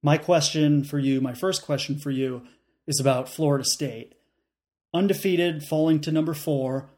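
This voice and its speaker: A man's voice: a little high, moderate pace. Joking man co-hosting a sports podcast. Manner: jokey, deadpan riffs. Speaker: podcast co-host. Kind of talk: casual sports chat.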